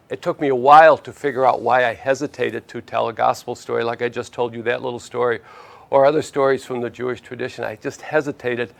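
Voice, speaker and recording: A man's voice: mid-range voice, creaky. A man teaching in a conversational storytelling lecture, often checking in with his listeners. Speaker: spiritual teacher.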